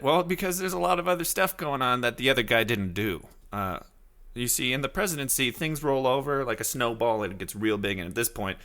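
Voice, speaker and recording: A man in his thirties hosts a casual solo podcast with a brisk, sharp tone. He rambles loosely, reacts to his chat, and occasionally puts on high, silly voices when quoting people.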